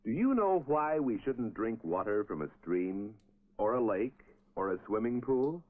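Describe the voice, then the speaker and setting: A man's voice: lowish voice, animated, a little slow. An actor playing a grown man who quizzes children in an old film, with an instructive, questioning manner. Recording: tinny old film soundtrack.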